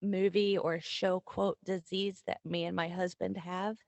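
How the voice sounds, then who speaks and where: A woman in her thirties with a somewhat Southern accent chats casually on a podcast. Her low voice has a gravelly fry. She curses freely and is close to the mic in a dry room. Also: level tone, measured pace, no room sound. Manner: swearing, laughing, acts out her kids' voices. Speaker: podcast co-host. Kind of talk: casual chat.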